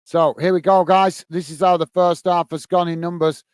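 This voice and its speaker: A man's voice: a little high, level tone, moderate pace, clean tone, no room sound. Chatty British man hosting a football watch-along. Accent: British English. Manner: chatty, greets viewers by name, frequent "uh" fillers. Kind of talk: live football commentary and chat reading.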